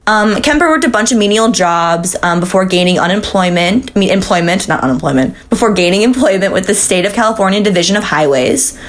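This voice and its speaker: A woman's voice: medium pitch, expressive, quick pace, few pauses. Woman cohost on a true crime pod, super casual, lots of um and like, swears a bunch. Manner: swearing, laughing, chatty with fillers. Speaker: podcast co-host.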